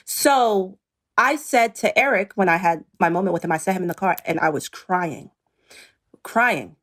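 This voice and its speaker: A woman's voice: fairly low pitch, normal speed. A middle-aged woman, a reality show cast member, talking earnestly and pointedly in an interview, acting out what others said. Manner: earnest, pointed, quotes others in lively voices. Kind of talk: emotional interview talk.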